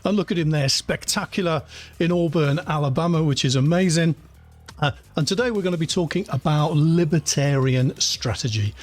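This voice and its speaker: A man's voice: fairly high pitch, moderate pace, soft background music. A man hosting a podcast interview, asking rambling, chatty questions with plenty of fillers. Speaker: podcast host. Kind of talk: conversational interview.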